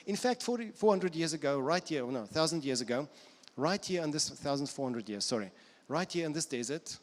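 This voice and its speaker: A man's voice: on the high side, animated, fairly quick. A man with a South African accent, a pastor preaching an earnest sermon who repeats phrases for emphasis. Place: church auditorium. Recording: long church hall reverb.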